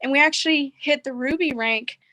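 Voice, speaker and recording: A middle-aged woman speaks in a high, bright voice. She tells her story in an earnest, heartfelt way, open and candid, as a caller giving a testimonial. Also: fairly quick. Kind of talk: emotional personal testimony.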